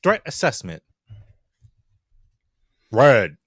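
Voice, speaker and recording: A man voicing a clipped, emotionless robotic construct in a tabletop game, speaking in flat, machine-like reports. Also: medium pitch, extremely slow, husky, no echo, clean studio sound, voice pushed up, heavily acted. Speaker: player. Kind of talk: tabletop role-play.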